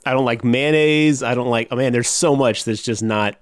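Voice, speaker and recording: Male podcast co-host, jokey and animated, mid-range voice, recorded dry and close. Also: mid-range voice, normal speed, clear, resonant tone, no echo. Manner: animated, jokey, breaks into laughter. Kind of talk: casual chat.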